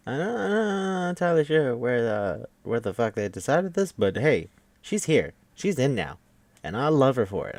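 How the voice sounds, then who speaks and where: A man's voice: medium pitch, a little mellow, dry recording. A man hosting a podcast, giving a casual, rambling, profane recap of an anime with wry asides. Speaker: podcast host.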